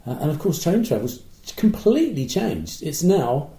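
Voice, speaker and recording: Older london bloke rambling thru a story in casual podcast chat, dark mellow tone, bit of room echo. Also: male voice, fairly high pitch, big pitch swings, moderate pace. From London, England. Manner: chatty storyteller with many restarts and dry asides. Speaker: podcast co-host. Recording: roomy echo.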